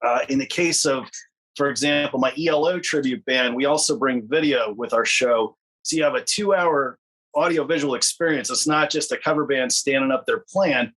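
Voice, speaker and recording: A man's voice: medium pitch, normal speed, a bit bright, rough recording. A man, a guest musician on a podcast, explaining things in a friendly, articulate way. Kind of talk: podcast interview.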